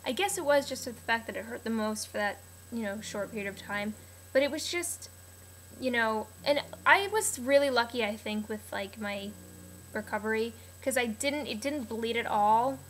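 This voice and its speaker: A woman's voice: a little high, normal speed. A young woman vlogger casually telling a personal story to camera, rambling with lots of fillers and restarts.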